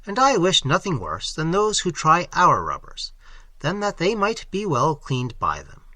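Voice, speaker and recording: A man's voice: a little high, wildly swooping pitch, unhurried, sharp tone, no echo, voice pushed up, heavily acted. A man reading the part of a tall, idle, sardonic rogue with a lazy manner.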